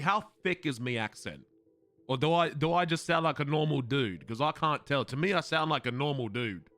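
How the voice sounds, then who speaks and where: A young man with an Australian accent talks to his stream viewers in a loose, chatty way. His voice is bright and swings up and down, and now and then he swears and laughs at himself. Faint music plays under his talk. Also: medium pitch. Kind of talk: casual chat with stream viewers.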